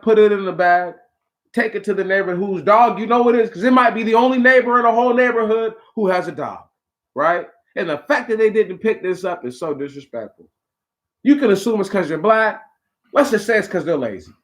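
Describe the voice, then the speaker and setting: Man, high voice, talk-show host, preachy rant, casual slang, speaks directly to listeners. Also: fairly bright tone. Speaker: podcast host.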